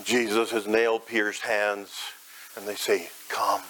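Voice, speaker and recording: A male preacher leads his listeners through a scene in a dramatic sermon. His voice sits at a medium pitch, climbing loud and high at the peaks and sinking soft and low in the quiet passages. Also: measured pace, slight background noise, poor audio. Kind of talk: sermon, guided imagery.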